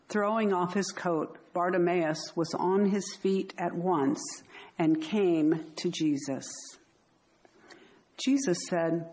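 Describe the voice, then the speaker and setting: A woman reading a scripture passage aloud in a measured, unhurried way. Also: fairly low pitch, darkish tone. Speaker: scripture reader.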